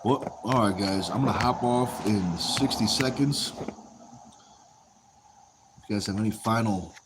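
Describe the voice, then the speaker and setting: A man's voice: on the low side, measured pace, noisy background. A man hosting a casual livestream, reading viewer comments aloud and answering in an easygoing way, often saying a phrase twice. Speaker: livestream host.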